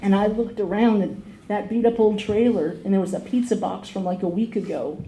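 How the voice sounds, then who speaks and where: A woman's voice: mid-range voice, steady tone, a little fast, mellow. A woman sharing her recovery story at a meeting, telling it earnestly and acting out the people she quotes. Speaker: AA speaker. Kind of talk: recovery talk, personal story. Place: meeting hall. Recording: echoey room with faint noise.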